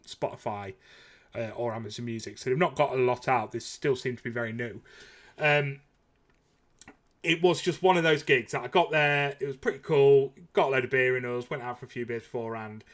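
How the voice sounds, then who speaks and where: A man's voice: medium pitch, a bit bright. Upbeat man in his thirties. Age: 30s. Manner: rambling and enthusiastic, with frequent fillers and laughs. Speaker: podcast host. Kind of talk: casual chat.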